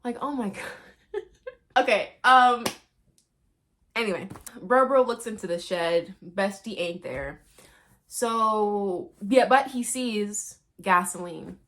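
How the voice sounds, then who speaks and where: A woman's voice: medium pitch, animated, takes it slowly, long pauses, a bit bright. A woman recapping a movie in a casual, playful and slangy way, chatting to her viewers.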